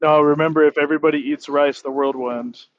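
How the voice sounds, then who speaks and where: A man's voice: fairly high pitch, steady tone, quick pace, narrow, tinny audio, slight background noise. A man in casual chat, emphatic and argumentative, swearing and calling his friend bro.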